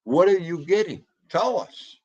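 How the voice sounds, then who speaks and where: A man's voice: sits high, a little slow, dark tone, dull audio. A man hosting a casual livestream podcast, rambling and joking with crude, profane banter.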